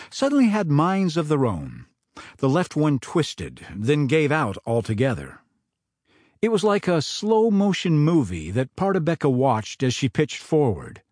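A man reading his own novel aloud in dramatic, expressive audiobook narration. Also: medium pitch, no echo, clean studio sound.

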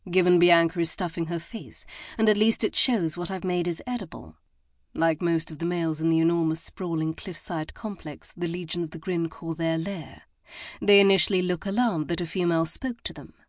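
A woman narrating a first-person audiobook in a measured, expressive way. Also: fairly low pitch, no echo, clean studio sound.

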